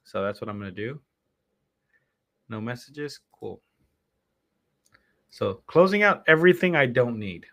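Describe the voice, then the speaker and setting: A streamer and podcast host sets up his live show, chatting casually and drifting from one topic to another while interrupting himself. His medium-pitched voice is sing-song, a bit bright and creaky, and he speaks a little slowly with long pauses.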